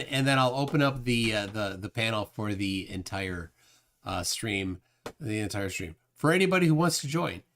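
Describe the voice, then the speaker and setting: A man hosts a casual livestream, reading out chat comments one after another. His pitch swings widely, rising and dipping as he rambles. He trails off and restarts often, with plenty of fillers between thoughts. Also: expressive, normal speed, a bit bright.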